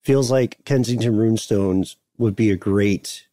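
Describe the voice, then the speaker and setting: A man co-hosting a podcast, telling a history story in a wry, digressive, casual way with many pauses. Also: fairly low pitch, dark tone, no room sound, clean studio sound. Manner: wry, digressive, thinking aloud with fillers. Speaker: podcast co-host.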